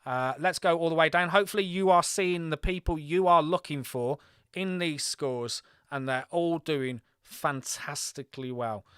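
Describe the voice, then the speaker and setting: Smooth-voiced man casting a live game stream. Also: a little high, normal speed, fairly bright tone, no echo, studio quality. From Birmingham, England. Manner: chatty, reads scores aloud, talks to chat.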